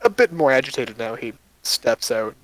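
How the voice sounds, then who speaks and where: A man's voice: mid-range voice, lively intonation, normal speed, dry recording, poor audio. Casual man running a tabletop game. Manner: casual, rambling with fillers. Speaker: game master.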